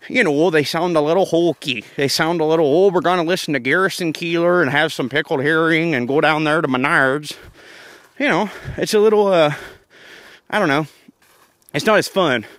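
Southern man, comedic rant, profane and rambling, slightly high voice, dry close sound. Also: a bit bright, dry recording. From Georgia, US South. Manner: profane, rambling, self-mocking, laughs often. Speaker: comedian podcast host.

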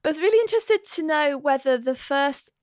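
A woman hosting a casual interview, friendly and quick, asking long questions. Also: sits high, animated, no echo, studio quality. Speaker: podcast host.

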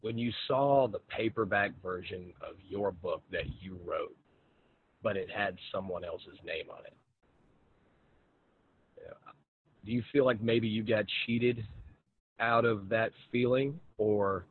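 A man hosting a podcast, asking questions in a relaxed, laid-back way with plenty of fillers. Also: sits low. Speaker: podcast host. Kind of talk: casual interview chat. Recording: tinny phone-like line, faint noise.

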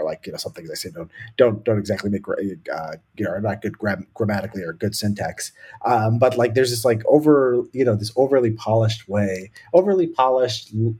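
A man's voice: lowish voice, a little mellow, slightly rough. A man from the United States co-hosting a casual conversation, opinionated and thinking aloud with many fillers. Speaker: podcast co-host.

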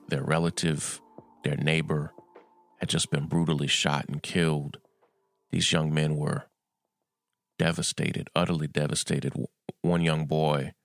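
A deep-voiced man with a gravelly edge gives solo podcast commentary. He speaks earnestly and stresses his points by repeating them. The recording is close and dry, with no room sound. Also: dry recording. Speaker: podcast host.

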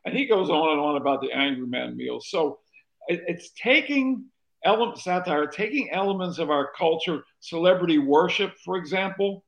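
Gravelly older man telling rambling stories. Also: on the high side, normal speed, lo-fi sound. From North Carolina, USA. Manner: rambling anecdotal storyteller, restarts often. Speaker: author and former talk show host. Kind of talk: interview guest telling stories.

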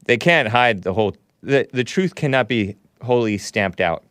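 Chatty male call-in host, smooth voice. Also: animated, moderate pace, a bit bright, no room sound, clean studio sound. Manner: chatty, laughs often, sudden jumps in pitch. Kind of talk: casual call-in talk.

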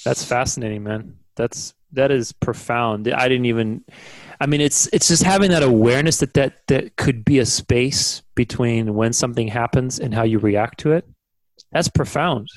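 A man's voice: mid-range voice, normal speed, dry recording, low-quality recording. A man hosting a podcast interview, enthusiastic and affirming, often repeating words while he thinks. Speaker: podcast host. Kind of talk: conversational interview.

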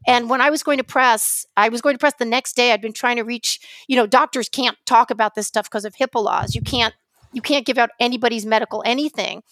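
A woman's voice: fairly high pitch, fairly quick, a bit bright, no room sound. A woman with a New York accent, telling stories on a podcast in a rambling, impassioned way. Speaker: podcast co-host, journalist. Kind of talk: casual podcast chat.

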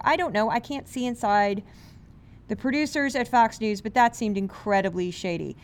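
A woman hosting a media commentary podcast, brisk, sarcastic and incredulous. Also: a little high, lively intonation. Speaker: podcast host.

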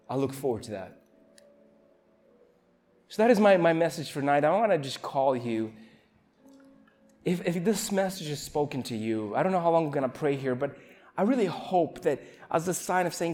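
Earnest young man preaching, fairly high voice. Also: a little mellow, slight background noise. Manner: emotional, earnest, halting restarts. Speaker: youth camp preacher. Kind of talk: informal sermon.

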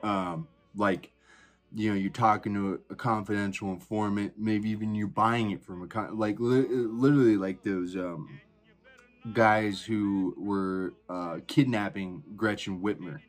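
A podcast host tells a personal story in a rambling, profane way, full of fillers and restarts. His voice sits on the low side and he speaks at a measured pace.

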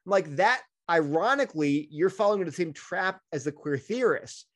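Middle-aged male interview guest, slightly high voice, animated, drops into quick character voices for quotes. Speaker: guest speaker. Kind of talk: conversational interview answer.

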